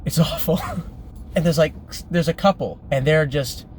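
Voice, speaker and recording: A man's voice: on the high side, moderate pace, slight background noise. A man telling a casual story-time anecdote in a chatty way, laughing as he goes. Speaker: vlogger.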